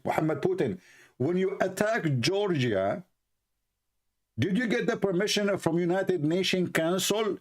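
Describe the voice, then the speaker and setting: A man who does not speak natively, hosting a livestream and mocking a played clip with sarcastic, repeated rhetorical questions. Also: sits high. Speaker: livestream host.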